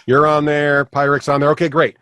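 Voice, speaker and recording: Rambling male game master, slightly high pitch, dry mic. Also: completely flat delivery, a little fast, a bit bright, no echo. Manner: rambling, many fillers and restarts. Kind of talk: running a tabletop game.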